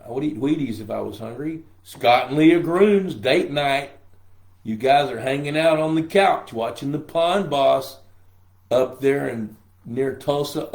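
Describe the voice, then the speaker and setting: A man's voice: mid-range voice, vocal fry, a little mellow. An older man with a scratchy voice, hosting a casual live-stream Q&A. He talks in a folksy, joking way and greets viewers by name. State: scratchy voice from a throat infection. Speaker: pond management show host. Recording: roomy echo.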